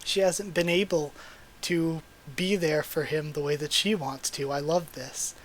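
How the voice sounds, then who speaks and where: A man hosting a live manga reading and reaction, excited and gushing as he talks through the pages. His voice sits a little on the high side for a man. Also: measured pace, a little hiss or hum. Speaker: channel host.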